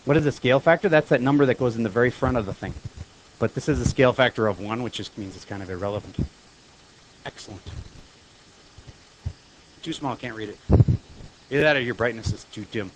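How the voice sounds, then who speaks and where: A man teaches math to a room of students, talking in a loose, chatty way. He keeps stopping to quiz the class with quick questions. His voice sits at an ordinary middle pitch. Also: a little hiss or hum, rough recording. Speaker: high school math teacher. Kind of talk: classroom lecture.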